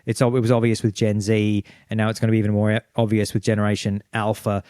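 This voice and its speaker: Man, 30s, smooth clear voice, dry close mic, emphatic podcast riffing. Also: fairly low pitch, flat delivery, fast talker, mellow, dry recording. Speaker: podcast co-host. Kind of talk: casual chat.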